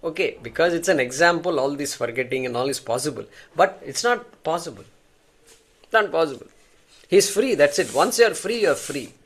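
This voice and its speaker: Fairly high-voiced man teaching a class. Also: lively intonation, normal speed, slightly rough. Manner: explains with examples, repeats words while thinking. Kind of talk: class lecture.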